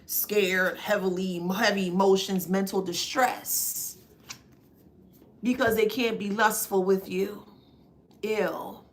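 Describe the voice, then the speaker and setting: A woman's voice: mid-range voice, fairly even intonation, slow pace. A woman giving a spiritual tarot card reading to her viewers. She laughs often and slips in mocking asides.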